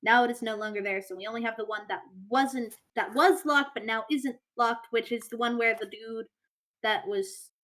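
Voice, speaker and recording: A woman's voice: on the high side, moderate pace, fairly bright tone. Woman player rambling through explanations. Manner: rambling, self-correcting explanations. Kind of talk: casual tabletop game play.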